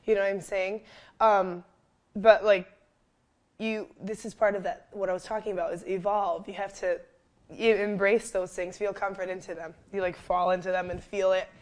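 A young woman, a fitness coach, telling a story in a casual interview, animated and full of fillers, who jumps loud and high when quoting herself. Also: moderate pace. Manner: animated, lots of fillers, acts out quotes loudly. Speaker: fitness trainer and wellness coach, guest.

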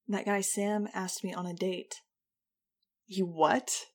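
A woman's voice: mid-range voice, level tone, measured pace. A woman narrating a first-person audiobook in a wry, conversational way.

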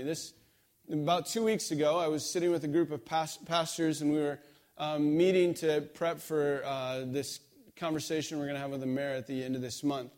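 A middle-aged man delivers a sermon with a somewhat high voice. He talks in a relaxed, conversational way and acts out the dialogue in his stories. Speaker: pastor.

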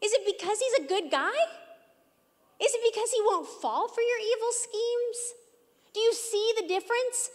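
A woman's voice: very high-pitched, lively intonation, moderate pace, voice pushed up. A woman preacher voicing the Lord as a breezy, needling speaker, asking pointed questions of an adversary. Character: the Lord, casually calling out to an adversary. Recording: echoey hall.

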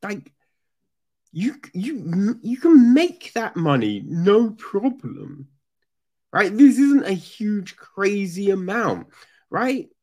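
A man giving casual, sarcastic true crime commentary, animated and full of swearing. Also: sits high, slow.

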